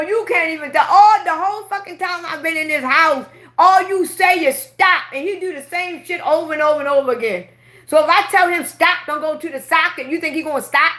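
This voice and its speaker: High, bright-voiced woman ranting profanely. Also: a little fast. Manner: profane, emphatic, animated ranting. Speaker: livestreamer. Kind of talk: casual late-night storytelling on a live stream.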